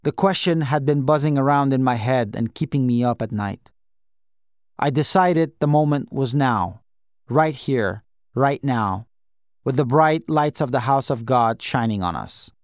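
A man reading an audiobook in a measured, gentle first-person style. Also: medium pitch, no echo, studio quality. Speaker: audiobook narrator.

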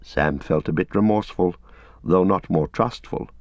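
A man narrates a story in a measured, even storytelling manner with a low voice. The recording is dry and close, with a slightly dull, lo-fi tone. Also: no echo. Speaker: audiobook narrator. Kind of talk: scripted narration.

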